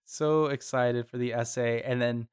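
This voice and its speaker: A man hosts a podcast in a relaxed, chatty way. His voice sits at a middle pitch, and he talks animatedly with quick asides. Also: clear, resonant tone. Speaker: podcast co-host. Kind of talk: casual chat.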